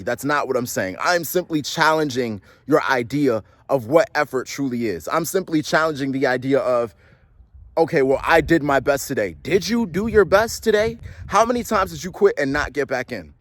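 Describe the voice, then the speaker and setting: A man's voice: on the high side, dry recording. A young man giving a casual motivational monologue, blunt and profane, firing rhetorical questions and slang fillers. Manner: blunt, swears freely, repeats rhetorical questions; slangy, frequent "you know what I'm saying". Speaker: motivational talk host.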